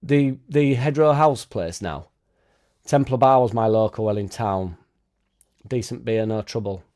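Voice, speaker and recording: A man's voice: mid-range voice, measured pace, a little mellow. A man hosting a casual live stream, reading out chat and swearing freely as he talks. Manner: swears freely, chatty, tag questions like innit. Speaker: fan channel host reading live chat.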